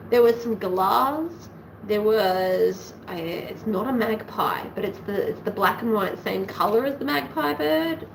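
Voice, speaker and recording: A woman with an Australian accent chats through her sewing on a livestream, thinking aloud and wandering between topics. Her voice sits a little high and swings widely in pitch. Faint room noise sits behind her. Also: low-quality recording. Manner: chatty, rambling, thinks aloud. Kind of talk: casual livestream chat while sewing.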